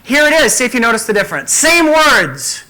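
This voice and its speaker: A man giving a conference keynote as a communication coach, talking in an energetic, emphatic way. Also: extremely high pitch, brisk, poor audio.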